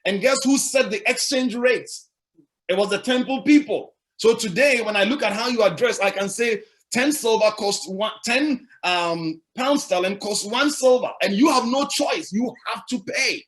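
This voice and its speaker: High-voiced man preaching a sermon. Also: normal speed, fairly bright tone. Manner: emphatic, repetitive preaching with rhetorical questions. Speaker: pastor.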